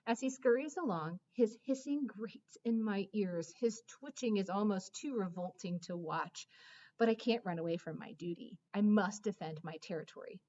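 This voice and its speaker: Woman, storybook narration, expressive, medium pitch, slightly muffled recording. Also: normal speed. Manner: expressive, swings between dramatic hushes and excited rises. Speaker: audiobook narrator. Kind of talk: first-person children's storybook narration.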